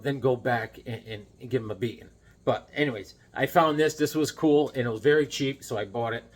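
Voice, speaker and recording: A man's voice: mid-range voice, husky. A man chatting casually and enthusiastically about his comic finds, rambling and joking as he goes. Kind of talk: casual chat.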